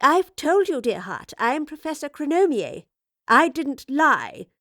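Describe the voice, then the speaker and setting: A woman's voice: high-pitched, big pitch swings, a little slow, fairly bright tone, dry recording, clean studio sound, voice pushed up, exaggerated voice. A woman voicing a bold, teasing female time-travelling professor with a cheeky, fearless manner.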